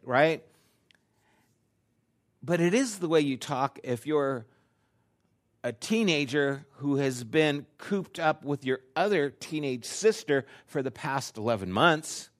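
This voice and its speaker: Older male pastor, a bit higher-pitched, tells a family story from the pulpit and goes quiet for the serious points. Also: animated, takes it slowly. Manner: storytelling, acting out his own dialogue; drops to a hushed, quiet delivery. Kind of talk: sermon.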